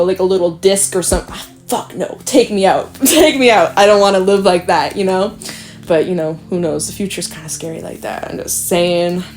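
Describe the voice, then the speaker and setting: In a slightly mellow, mid-range voice, a young tarot reader works through a spread in a loose, chatty ramble, laughing a lot, cursing casually, and leaning on fillers.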